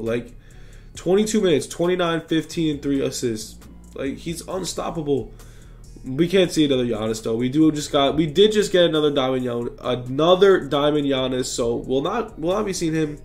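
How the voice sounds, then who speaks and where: A young man giving casual, rambling commentary on basketball card predictions, reading stat lines aloud and correcting himself as he goes. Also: fairly high pitch. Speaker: gaming YouTuber.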